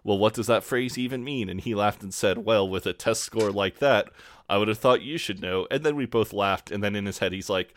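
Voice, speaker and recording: A man with a low voice co-hosts a podcast, relaxed and casual as he recaps a TV episode. He quotes the characters freely and swears now and then. His voice is recorded dry and close, with no room sound around it. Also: fairly quick, no echo. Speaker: podcast co-host.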